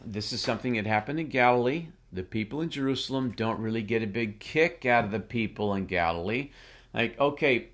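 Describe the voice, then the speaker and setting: Lively, animated male Bible teacher. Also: mid-range voice. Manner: animated, jokey, with asides and restarts. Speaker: Bible teacher and show host. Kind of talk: casual Bible teaching talk.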